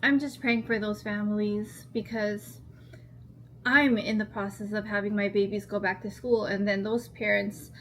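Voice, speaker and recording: A woman's voice: medium pitch, slight background noise. A woman in her thirties vlogging at home in a rambling, earnest casual chat. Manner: rambling, earnest, heavy use of "like".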